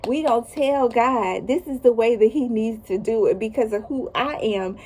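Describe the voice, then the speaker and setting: Hosting a casual Bible study, this woman reads scripture aloud and then comments with folksy asides and emphatic repetition. Her voice is a little high and darkish, at a moderate pace, with a slight hiss or hum.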